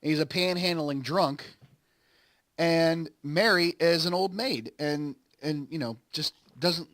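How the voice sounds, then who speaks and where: A man's voice: on the high side, slow pace, a bit bright, no room sound. A man hosting a gaming channel, casually and ramblingly retelling a story, quoting lines as he goes. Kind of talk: casual recap while playing a game.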